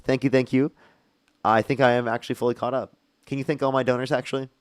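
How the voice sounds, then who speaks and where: Talking fast in a smooth, level, mid-range voice, a young streamer debates guests on live politics, heated and foul-mouthed, while reeling off shout-outs to donors.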